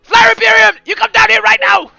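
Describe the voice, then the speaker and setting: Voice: sits high, expressive, a little slow, gravelly, soft background music, pitched above the performer's own voice, heavily acted. Someone doing a stammering, flustered watch captain. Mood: barking. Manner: stammering, fawning, bursts into shouts. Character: flustered male city watch captain, a fussy officer.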